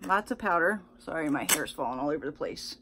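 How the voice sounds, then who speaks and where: A woman beauty vlogger chatting casually through an unboxing, excitable and full of fillers and restarts. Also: sits low, a little fast, background noise.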